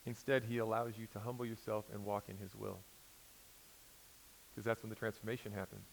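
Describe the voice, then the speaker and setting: An American man in his forties preaching a sermon in a conversational storytelling way, swinging between loud emphasis and quiet intensity. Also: fairly low pitch, flat delivery, brisk, creaky, a little hiss or hum, rough recording. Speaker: pastor.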